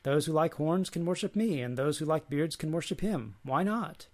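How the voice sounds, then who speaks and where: A man reading aloud and voicing a loud, boastful horned male god who roars his lines. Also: fairly high pitch, brisk. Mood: pleading. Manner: roaring, bombastic.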